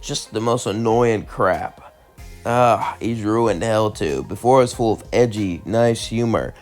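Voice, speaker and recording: A man's voice: lowish voice, measured pace, darkish tone, faint music behind, close to an everyday voice. A man doing a grumpy, cynical bartender. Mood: grumbling.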